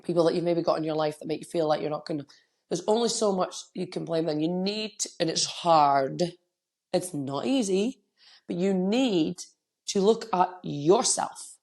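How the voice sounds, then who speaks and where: A middle-aged woman talks straight into a podcast microphone, candid and motivational, her voice slipping into low gravelly fry. She has a cold that roughens her delivery, and her pitch sits on the low side. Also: normal speed, darkish tone. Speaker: podcast host and coach. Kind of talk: solo podcast monologue.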